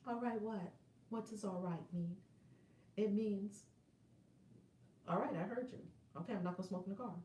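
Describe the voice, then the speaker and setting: A woman life coach telling a personal story as advice, animated and playful, with affectionate asides to her viewers. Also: medium pitch, normal speed, pauses often, echoey room, recorded from a distance.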